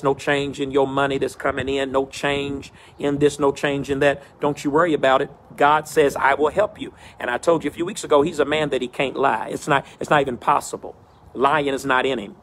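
A man's voice: medium pitch, fairly bright tone. A middle-aged man preaching a sermon as pastor, in a rhythmic, repetitive cadence, outdoors in the wind.

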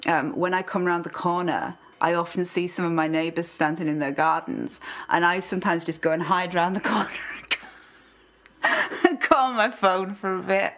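A woman's voice: fairly low pitch, moderate pace, fairly bright tone. Wry woman from northern England. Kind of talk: casual anecdote.

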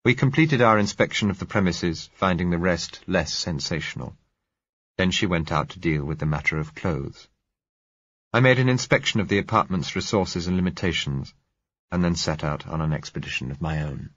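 Low, husky male audiobook narrator. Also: moderate pace, a bit bright. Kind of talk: scripted first-person narration. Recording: dull lo-fi recording.

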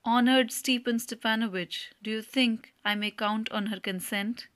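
Jittery nervous suitor, trips over his words, bright tone, read by a woman. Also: fairly high pitch, fairly even intonation, normal speed, close to an everyday voice. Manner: flustered, stumbling over words. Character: nervous, suspicious male landowner suitor.

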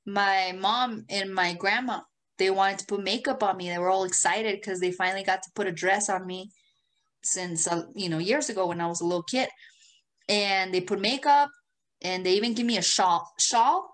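A podcast co-host tells stories in a casual, laughter-filled conversation, animated and full of profanity. Her voice is medium-pitched and she talks at a normal speed.

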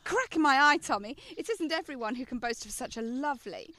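Woman playing a high, lively young daughter. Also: brisk. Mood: tender. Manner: coaxing, bright and affectionate. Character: eager young daughter, playful and adoring. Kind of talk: amateur radio play acting.

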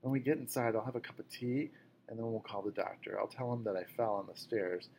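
Guy reading it, doing a hurt tired mom, soft and hushed, lowish voice. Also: fairly even intonation, a little fast, vocal fry, slight background noise, low-quality recording. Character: injured, tired but brave mother, gentle. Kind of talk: audiobook reading.

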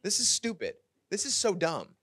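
A man's voice: sits high, huge pitch swings, moderate pace, a bit bright, slightly rough, dry recording, studio quality, voice pushed up, heavily acted. A preacher acting out a proud, indignant army commander who scoffs at his orders. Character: proud angry army commander, man, huffy.

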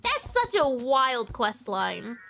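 A woman streaming a video game, chatting casually, excitable and giggly with rambling fillers. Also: on the high side, takes it slowly, creaky, slight background noise. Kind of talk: casual gaming livestream chat.

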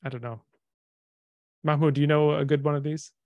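Male lecturer, informal, slightly high voice, dry mic. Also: steady tone, brisk, no room sound, narrow, tinny audio. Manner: chatty, thinks aloud with fillers and restarts. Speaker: lecturer on dead languages. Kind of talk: online talk with slides.

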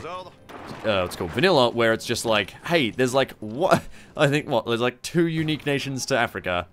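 Aussie guy rambling thru a strategy game, swears a lot, pitch jumps all over, faint music behind. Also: a bit bright. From Australia. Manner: rambling, swears often, chuckles, mocking asides. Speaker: gaming channel host. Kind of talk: casual strategy game commentary.

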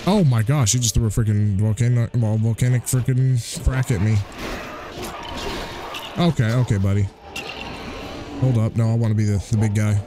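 Excitable man giving game commentary. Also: on the low side, normal speed, long pauses, noisy background. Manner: excitable, exclamatory, trash-talks the enemies. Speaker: gaming channel host. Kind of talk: let's play commentary. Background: game music.

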